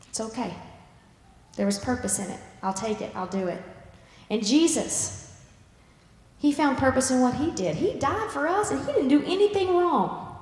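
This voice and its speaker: A woman preaching a sermon and retelling a story with lively acted-out voices. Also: high-pitched. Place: church sanctuary. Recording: echoey church hall.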